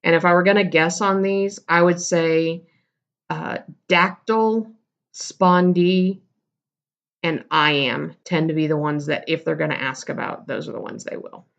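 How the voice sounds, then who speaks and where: Gravelly-voiced woman teacher, lo-fi. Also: fairly low pitch, fairly even intonation, a little slow. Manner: casual, explanatory, self-correcting. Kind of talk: recorded classroom lesson.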